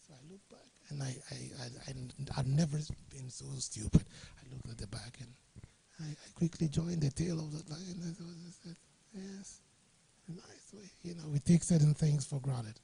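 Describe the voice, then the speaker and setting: Gravelly, dark-voiced man telling stories. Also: on the high side, normal speed, a little hiss or hum. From Ghana. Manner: jovial storyteller, chuckling often. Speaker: guest speaker. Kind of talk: anecdotal talk to a workshop audience. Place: studio or workshop room.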